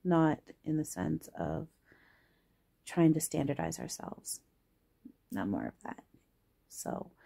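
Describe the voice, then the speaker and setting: A woman with a low, gravelly voice rambles to her viewers, giggly and self-teasing. Her tone is mellow and dark, and she speaks close to the camera. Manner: affectionate toward viewers. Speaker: spiritual channeler and vlogger. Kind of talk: casual chat to camera. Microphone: camera close to face.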